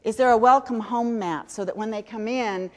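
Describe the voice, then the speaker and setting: A woman's voice: fairly high pitch, moderate pace, darkish tone. A middle-aged woman giving a chatty, self-mocking conference talk to teachers. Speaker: education speaker. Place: large conference hall. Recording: long hall reverb.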